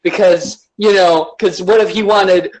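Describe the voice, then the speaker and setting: Shrill, indignant scold, whiny and accusing, higher than his own voice, as a man puts it on. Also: steady tone, unhurried, low-quality recording.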